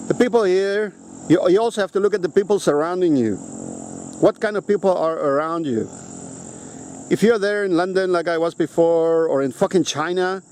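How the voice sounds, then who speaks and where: Foul-mouthed ranting man, high mellow voice. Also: a little hiss or hum. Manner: profane, blunt and emphatic, swears constantly; repetitive, hammering points with "okay?". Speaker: vlogger. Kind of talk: outdoor rant to camera. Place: outdoors on a rock at sunset.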